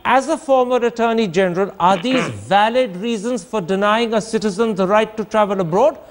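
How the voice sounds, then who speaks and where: A man's voice: high voice, fairly quick. A man hosting a TV debate, pressing his guests with pointed, insistent questions. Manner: insistent, cross-examining. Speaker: host.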